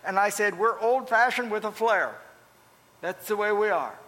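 High, bright-voiced older preacher man. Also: normal speed. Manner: folksy, animated storytelling with repeated phrases. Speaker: pastor. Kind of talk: storytelling sermon. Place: church. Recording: long reverb.

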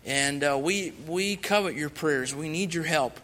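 A man shares his testimony from the pulpit in an earnest, emphatic way. His voice is fairly high, bright and forceful. The church adds a long, lingering reverb. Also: measured pace. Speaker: missionary guest speaker. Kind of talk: sermon testimony. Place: church sanctuary.

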